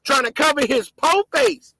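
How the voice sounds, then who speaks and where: A man hosting a show, giving heated, profane commentary on video footage and often breaking into shouts as he talks to his viewers. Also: very high voice, big pitch swings, moderate pace, creaky, no room sound, rough recording. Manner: impassioned, shouting, profane, addresses viewers as gang.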